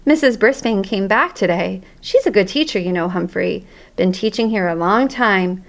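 A woman doing a jolly booming janitor. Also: normal speed, lightly acted. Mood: friendly. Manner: friendly, joking, booming. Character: jolly middle-aged male night janitor, joking.

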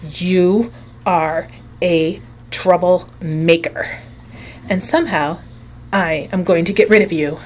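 A woman's voice: medium pitch, normal speed, slight background noise, close to an everyday voice. A woman voicing a stern, grumpy teacher who mutters and grumbles, for a storybook. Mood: menacing. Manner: grumbling, curt. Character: stern grumpy middle-aged female teacher.

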